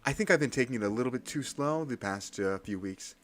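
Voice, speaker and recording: A man chatting casually on a live stream while practicing Japanese kana, self-deprecating and nervously energetic. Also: mid-range voice, a little fast. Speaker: livestreamer studying Japanese kana.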